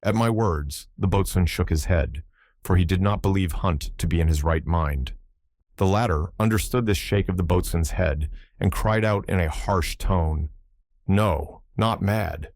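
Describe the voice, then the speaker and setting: A man narrating a classic adventure audiobook in a measured, formal storytelling manner. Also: deep voice, darkish tone, no room sound, clean studio sound. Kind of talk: scripted narration.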